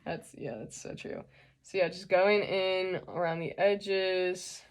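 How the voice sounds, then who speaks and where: A woman's voice: on the low side, fairly even intonation, slow. A young woman hosting a casual makeup tutorial, chatty and joking as she explains each step.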